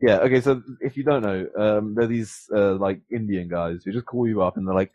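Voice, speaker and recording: A man's voice: fairly low pitch, fairly quick, few pauses, darkish tone. A young man hosting a podcast, telling a rambling, profane story with many fillers and restarts. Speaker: podcast host. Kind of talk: casual storytelling chat. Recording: dull lo-fi sound.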